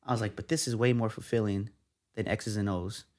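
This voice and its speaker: A young journalist from San Antonio, Texas, speaks briskly with a voice on the low side. Guesting on an informal interview, he tells his story animatedly and plays out the lines other people said to him.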